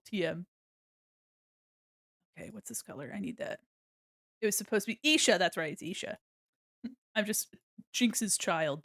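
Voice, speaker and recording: A young woman chatting casually on a livestream while she draws, swearing freely, laughing often and softly singing along. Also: on the low side, no echo, studio quality. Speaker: streamer.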